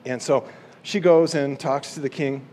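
A man's voice: mid-range voice, steady tone, measured pace, a little mellow. A man casually and animatedly retelling a Bible story as a teacher.

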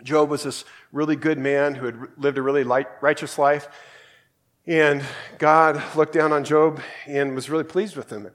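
A man's voice: on the high side, little pitch movement, moderate pace. A man from Australia giving a casual, conversational sermon and reading scripture aloud. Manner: conversational, acts out quoted voices, reads scripture aloud. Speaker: preacher.

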